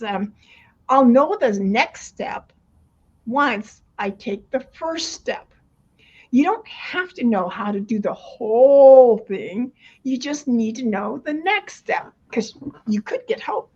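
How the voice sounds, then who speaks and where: An older woman with a high voice explains her coaching in a loose, rambling way, full of restarts and easy laughter. The recording is dull and lo-fi. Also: expressive, takes it slowly, darkish tone, husky. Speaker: retirement coach. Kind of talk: casual interview talk. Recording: dull lo-fi sound.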